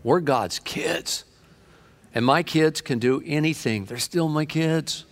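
A man preaching a sermon with fervent energy, telling stories and shifting between quick and drawn-out phrases. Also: a little high.

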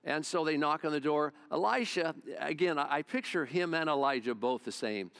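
A man's voice: a little high, normal speed, vocal fry, fairly bright tone, clean tone. A male pastor preaching a sermon, retelling a Bible story in a folksy, conversational way.

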